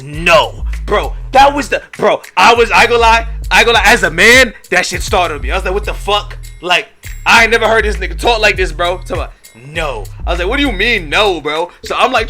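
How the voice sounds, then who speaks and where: A young man telling a wild party story in slangy, excitable story-time style, acting out the quoted lines. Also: high-pitched.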